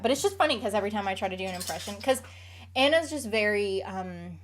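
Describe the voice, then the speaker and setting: A woman's voice: mid-range voice, lively intonation, fast talker. Rambling young woman, casual chat. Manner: rambling, filler-heavy, frequent "like". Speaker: streamer answering chat questions.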